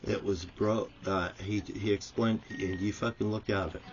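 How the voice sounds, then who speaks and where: Swearing nonstop, a man rants angrily straight into the camera in a profanity-filled vlog. His lowish voice holds fairly even intonation at normal speed, and the dull lo-fi recording has slight background noise.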